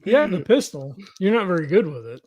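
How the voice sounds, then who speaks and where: A man with a notably high voice talks through his moves at a tabletop game, thinking aloud and restarting his sentences. The chat is casual and searching. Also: sing-song, a little fast, crowd noise. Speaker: player.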